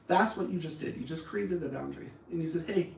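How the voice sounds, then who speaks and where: Earnest man, fairly high voice, roomy echo, set back from the mic, anger management coach. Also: quick pace, gravelly, darkish tone, recorded from a distance, slight background noise. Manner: earnest, repeats and restarts words. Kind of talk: motivational talk.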